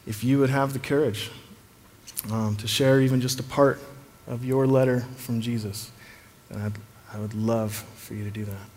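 A man leading a church service as pastor, relaxed and joking as he invites people up. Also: mid-range voice, normal speed, a little hiss or hum. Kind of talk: sermon. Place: large church hall. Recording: reverberant hall, faint ambience.

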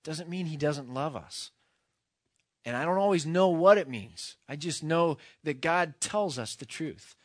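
A man preaching a sermon, earnest, moving from quiet, hushed passages to loud, impassioned ones. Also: fairly high pitch, animated, a little slow, dry recording, studio quality. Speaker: pastor.

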